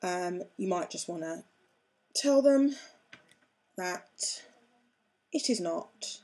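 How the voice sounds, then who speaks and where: A woman's voice: lowish voice, lively intonation, very slow, mellow. A woman chatting casually as she demonstrates a craft project step by step, joking at her own expense as she works. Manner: chatty, self-mocking, talks while working with hands. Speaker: craft tutorial host.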